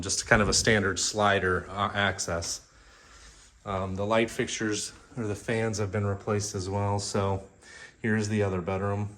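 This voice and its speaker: This Texan man, lowish in voice with a fairly bright tone, is a real estate agent showing off a house and its backyard on the handheld camera he carries. The walk leaves him a touch breathless as he chats, cracks jokes and lists features quickly.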